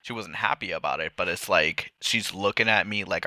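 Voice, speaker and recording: A man with a very deep voice and a bright, forceful tone, talking casually on a podcast. He rambles a little and acts out family scenes in quotes. The sound is close and dry. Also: moderate pace, dry recording. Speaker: podcast co-host. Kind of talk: casual chat.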